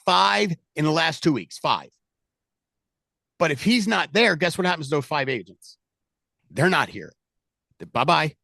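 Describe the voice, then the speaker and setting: High-voiced man giving a sales pep talk. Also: animated, measured pace, creaky, pauses often, sharp tone, no room sound, clean studio sound. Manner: pep-talk delivery, addresses the team directly. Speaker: sales team leader. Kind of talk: motivational sales meeting. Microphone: video call.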